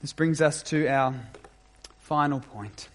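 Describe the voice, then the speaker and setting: A man preaching a sermon as pastor, measured and emphatic, with deliberate pauses. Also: fairly high pitch.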